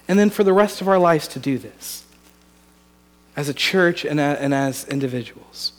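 A man delivers a sermon in an earnest, conversational way, as a pastor speaking to his congregation. His voice sits a little high for a man, and he often repeats and restarts words. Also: expressive, moderate pace, in a large hall.

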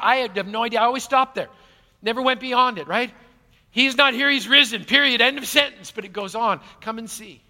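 Animated high-voiced male pastor preaching. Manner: animated, swings from loud to hushed. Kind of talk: sermon. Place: large church auditorium. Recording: long hall reverb.

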